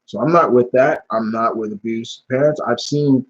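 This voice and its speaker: Over dull lo-fi stream audio, a young man with a slightly rough mid-range voice talks at normal speed while hosting a live Q&A. He's casual but blunt and heated, swearing often and restarting his sentences.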